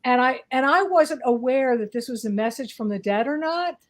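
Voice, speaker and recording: This woman, a psychic guest from the northeastern United States, has a high-pitched voice and talks at a normal pace. The conversation is casual, and she rambles hesitantly with plenty of fillers.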